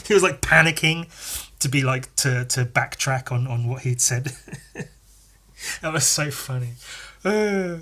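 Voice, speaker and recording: Sweary, sardonic man with a bright voice. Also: medium pitch, slow, pauses often. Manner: sweary, sardonic, laughs often. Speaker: podcast host. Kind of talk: casual storytelling monologue.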